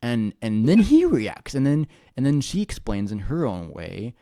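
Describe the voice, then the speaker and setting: A man talking to his viewers in a rambling, excitable personal monologue, full of restarts and swearing. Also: medium pitch, unhurried, no echo, studio quality. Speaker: vlogger.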